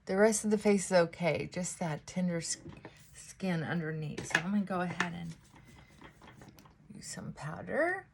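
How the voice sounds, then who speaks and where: A woman's voice: lowish voice, fairly even intonation, moderate pace, slight background noise. A middle-aged woman chatting casually to viewers while she does her makeup at home. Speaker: beauty vlogger. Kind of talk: casual get-ready-with-me chat.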